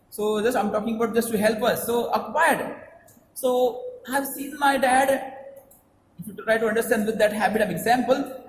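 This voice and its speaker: Male priest, very high voice, repetitive emphatic sermon, echoey hall recording. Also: slight background noise. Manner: repetitive, emphatic preaching with Marathi phrases mixed in. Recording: echoey hall with long reverb.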